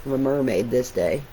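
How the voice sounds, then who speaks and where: A middle-aged woman, an artist, talking casually and reflectively while showing her sketches, with soft laughs now and then. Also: a bass voice, vocal fry, slight background noise, rough recording.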